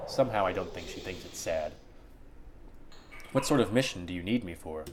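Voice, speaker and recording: A low-voiced man hosting a let's play reads game dialogue aloud, with hesitant fillers and wry asides. A steady hiss of noise runs under the home recording. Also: moderate pace, pauses often.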